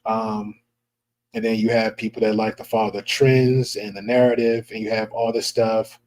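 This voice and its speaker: A man's voice: on the low side, little pitch movement, normal speed, a little mellow, a little hiss or hum. A man hosting a podcast, commenting casually and rambling with many fillers. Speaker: podcast host.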